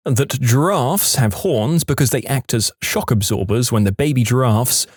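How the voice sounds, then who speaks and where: A man reading online posts aloud with wry, sarcastic asides in an animated, lively way. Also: mid-range voice, moderate pace, husky, no echo, clean studio sound.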